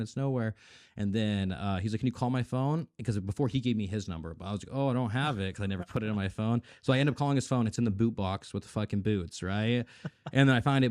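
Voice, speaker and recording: A man's voice: on the low side, darkish tone, no echo, clean studio sound. A young man on a podcast telling a long story in casual chat, acting out the voices of the people in it, swearing and laughing often. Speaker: podcast guest.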